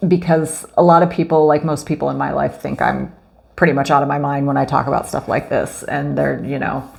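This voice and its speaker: A woman's voice: low voice, vocal fry. A woman giving a casual oracle card reading, effusive and gushing, with many fillers. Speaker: spiritual card reader.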